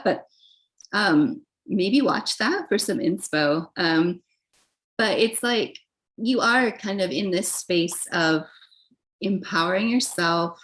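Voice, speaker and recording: A young adult woman giving a casual, chatty tarot reading, gentle in tone and full of fillers and soft laughs. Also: on the low side, poor audio. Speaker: tarot reader.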